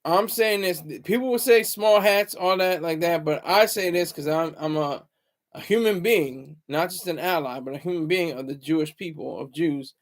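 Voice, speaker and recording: A man's voice: a little high, moderate pace. A man hosting his own channel, talking in a loose, rambling monologue full of fillers and restarts. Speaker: channel host.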